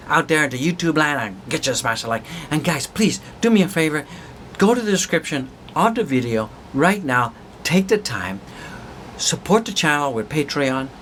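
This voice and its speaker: A man hosting a crypto video channel, signing off with excited, pumped-up, repetitive hype. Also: fairly high pitch, slight background noise. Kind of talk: hyped video outro.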